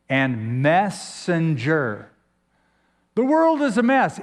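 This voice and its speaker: Pastor guy preaching slow, kinda high voice, big reverb like a church hall. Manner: emphatic preaching with dramatic pauses and sudden pitch swings. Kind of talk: sermon.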